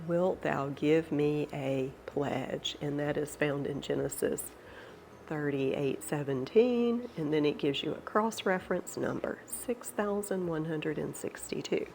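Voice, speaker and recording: A middle-aged woman with a Southern American accent and a nasal voice from a cold, chatting gently over tea about Bible study. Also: sits low, creaky, a little hiss or hum. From Georgia, USA. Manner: gentle, unhurried, devout. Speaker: channel host. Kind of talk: casual tea-time Bible study chat.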